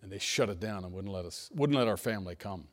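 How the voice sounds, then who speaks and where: A pastor preaching a sermon to his church, telling personal stories in a folksy manner that swings between hushed asides and emphatic lines. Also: fairly low pitch, animated, fast. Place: church sanctuary.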